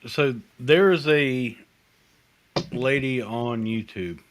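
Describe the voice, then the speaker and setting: A man in a casual group chat, making drawn-out, emphatic remarks. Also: medium pitch.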